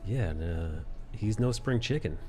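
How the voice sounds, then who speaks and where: Low-voiced man chatting on a livestream. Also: lively intonation, unhurried, darkish tone, soft background music. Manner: rambling, swears freely, laughs often. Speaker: livestream host. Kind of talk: casual chat while drawing.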